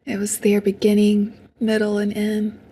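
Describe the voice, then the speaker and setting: A woman talking as a podcast guest in a reflective spiritual conversation, earnest and tender, sometimes slipping into soft whispers. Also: medium pitch, monotone, normal speed, slightly rough.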